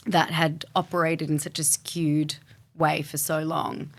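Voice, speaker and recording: A woman's voice: sits low, level tone, a little slow. A woman with an Australian accent, a guest in an interview, talking candidly and thoughtfully in a reflective, flowing way with many fillers.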